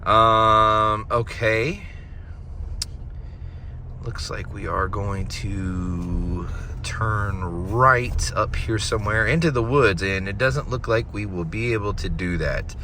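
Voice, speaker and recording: A man's voice: on the low side, takes it slowly, sharp tone, a little hiss or hum. A man from Florida with a Southern country accent, chatting casually and swearing on a vlog recorded on a handheld phone. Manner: rambling, jokey, swears a lot. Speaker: paranormal vlogger. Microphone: phone camera held by a companion.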